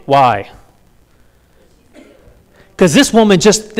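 A man's voice: a little high, normal speed. A man preaching a sermon in a conversational way, often checking in with the congregation. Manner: conversational, asks the congregation frequent questions. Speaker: pastor.

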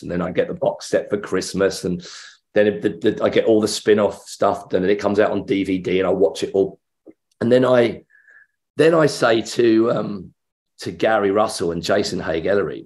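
Speaking in a low male voice at normal speed, a middle-aged actor being interviewed as a guest tells anecdotes with lively energy. He performs the voices of the people in his stories.

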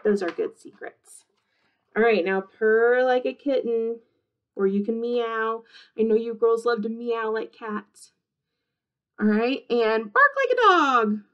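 A woman kindergarten teacher with a fairly high voice leads little children through a movement storybook. She talks in an animated, sing-song way, cheering them on after every action. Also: slow, lo-fi sound. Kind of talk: interactive read-aloud for young children.

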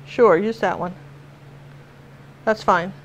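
A woman's voice: mid-range voice, fairly even intonation, takes it slowly, lo-fi sound, a little hiss or hum. An older woman from Washington State giving a chatty live painting lesson, telling stories and laughing as she works. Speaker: painting teacher.

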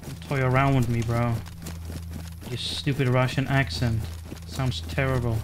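A man giving casual, excitable commentary while playing a survival game, swearing and cutting himself off mid-word. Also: medium pitch, a little slow, background noise. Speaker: gaming streamer.

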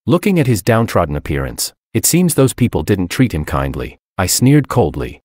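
A man's voice: sits low, sing-song, moderate pace, hardly any pauses, darkish tone, dry recording, clean studio sound. A man narrating a first-person story in a cold, dramatic manner.

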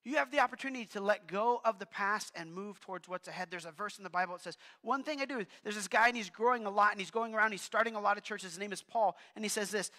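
A male pastor preaching a sermon in a casual, animated way, with asides to the congregation. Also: sits high, quick pace, few pauses. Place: church hall. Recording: long hall reverb.

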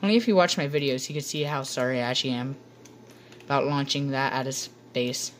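A woman's voice: extremely low pitch, fairly quick, a little hiss or hum. A woman giving playful, rambling commentary over gameplay to her viewers on a computer microphone. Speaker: gaming channel host.

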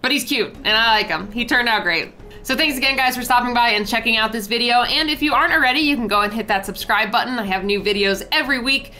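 Young woman artist-host, chatty voice-over, bright voice pitched a little high, faint music underneath. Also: fast talker, rough recording. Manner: chatty, bubbly, lots of filler "like". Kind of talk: casual voice-over recap of a drawing.

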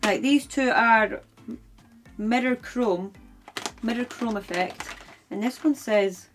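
A woman's voice: fairly high pitch, slow. A woman beauty vlogger chatting to camera in a casual haul video, gushing and filling her sentences with "like" and "um.". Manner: gushing, chatty, heavy use of "like" and "um". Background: background music.

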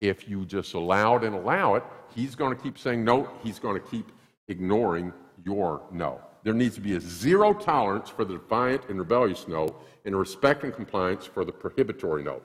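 A male pastor preaching a sermon in a church, emphatic and animated, acting out little scenes. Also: lowish voice, normal speed, in a large hall. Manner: animated, acts out quotes, emphatic repetition. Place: church sanctuary.

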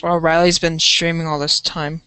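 A man's voice: on the high side, flat delivery, moderate pace, pushed and bright, smooth, no echo. A man live-streaming a game, chatting casually, giggly and rambling with lots of fillers.

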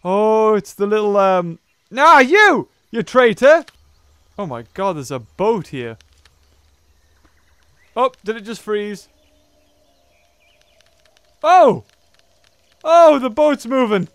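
Excitable man commentating a dinosaur game. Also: high-pitched, takes it slowly, pauses often, clear, resonant tone, dry recording. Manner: excitable, laughs often, yelps and mutters to himself. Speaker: gameplay commentator. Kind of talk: let's play commentary.

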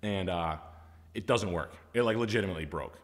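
A man telling a story in a casual, animated and rambling way, with lots of fillers and swearing. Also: deep voice, brisk. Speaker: storyteller recounting his car sales job. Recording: roomy reverb.

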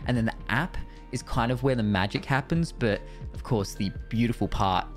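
A young Australian Twitch streamer excitedly reviews his streaming gear in a casual way, swearing freely, with a mid-range voice at normal speed. He speaks into a studio dynamic mic in his streaming room, with soft music playing in the background.

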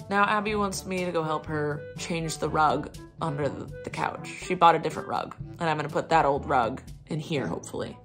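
A woman's voice: low voice, moderate pace, few pauses, fairly bright tone, faint music behind. A young woman vlogging in a chatty, rambling way with dry sarcastic asides. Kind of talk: casual vlog chat.

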